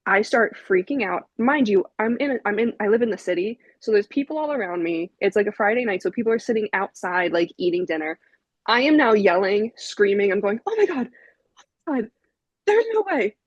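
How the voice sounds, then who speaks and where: Animated young woman telling a story. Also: mid-range voice, fairly quick, dry recording, dull audio. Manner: animated, laughing, frequent "like" fillers. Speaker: podcast guest, vinyl collector. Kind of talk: casual podcast storytelling.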